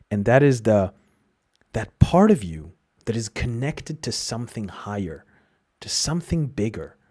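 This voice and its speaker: Husky-voiced man hosting a reflective podcast. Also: medium pitch, darkish tone. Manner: reflective, explanatory, with frequent restarts. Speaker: podcast host. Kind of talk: solo podcast monologue.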